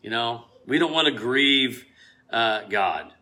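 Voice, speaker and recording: Man, casual preacher, bright tone, chatty with frequent laughs, gets loud on scripture. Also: medium pitch, lively intonation, slow. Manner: conversational, chatty, rising to loud emphasis when quoting scripture; laughs often and uses many fillers and restarts. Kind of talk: informal sermon.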